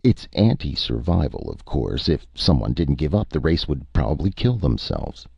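A man voicing a weary, thoughtful male space captain with a dry, deadpan manner and a very deep gravelly voice. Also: normal speed, no room sound, highs cut off, exaggerated voice.

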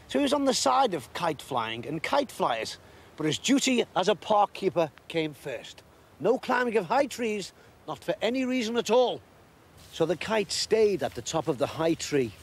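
A man reading a storybook aloud in an expressive, measured way. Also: fairly high pitch, slight background noise.

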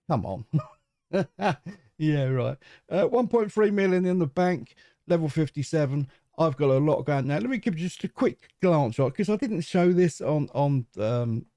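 This middle-aged Englishman hosts a gaming channel, rambling casually through commentary on his own truck game play in a chatty, self-mocking way. His voice is fairly high and mellow, captured in a dry, clean studio recording.

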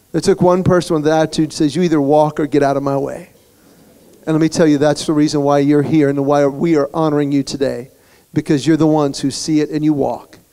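A man giving a humorous motivational speech, telling stories in an animated way to a luncheon crowd in a banquet hall. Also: fairly high pitch. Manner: storytelling, animated. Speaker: guest speaker.

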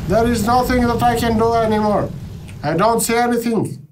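High-voiced playful male gamer. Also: moderate pace, noisy background. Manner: playful, dramatic, jokey. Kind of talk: playful game commentary. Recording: game music behind the voice.

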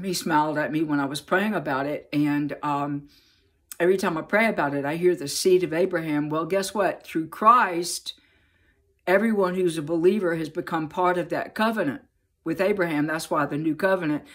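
Earnest woman speaking haltingly from the heart. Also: deep voice. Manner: earnest, halting, many restarts and ums. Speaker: Christian prophetic speaker. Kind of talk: prayer and heartfelt spoken message.

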